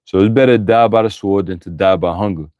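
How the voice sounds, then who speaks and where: Low-voiced man preaching bluntly, profanely. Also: fast talker, darkish tone, no echo, lo-fi sound. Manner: profane, blunt and emphatic, with bursts of laughter. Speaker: Bible teacher. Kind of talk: scripture reading with street-style commentary.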